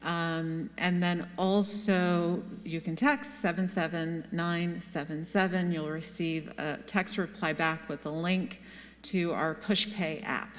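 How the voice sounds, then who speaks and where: A woman leading the offering during a church service, soft-spoken and a little hesitant. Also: fairly low pitch, steady tone, takes it slowly. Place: church sanctuary. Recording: long reverb of a church hall.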